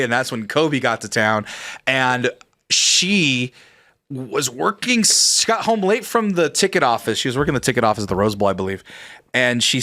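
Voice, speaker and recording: A male podcast co-host with a medium-pitched, sharp-toned voice sounds slightly tipsy as he tells rambling, profane stories in casual chat. He's recorded on a close mic with no room sound, swearing freely as he goes.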